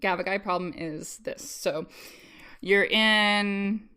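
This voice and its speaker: A woman's voice: medium pitch, fairly even intonation, takes it slowly, pushed and bright, clean tone. A woman interviewed on a podcast, explaining child language in a chatty way with lots of ums and likes and laughs between points. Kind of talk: casual explanatory chat.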